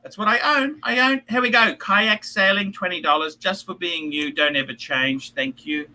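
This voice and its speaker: A man's voice: high voice, moderate pace, bright, forceful tone, faint music behind, rough recording. A middle-aged man hosting a livestream while drunk, rambling, swearing and getting emotional. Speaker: livestream host.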